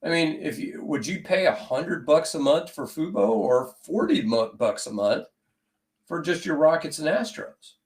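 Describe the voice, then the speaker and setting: A man co-hosting a casual sports podcast, talking in a calm, measured, conversational way. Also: on the high side.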